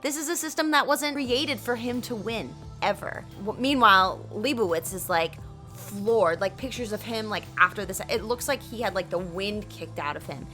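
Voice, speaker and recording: Bright chatty woman retelling history. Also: mid-range voice, normal speed, faint music behind. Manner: chatty and profane, acts out every character's lines. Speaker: storytelling video host.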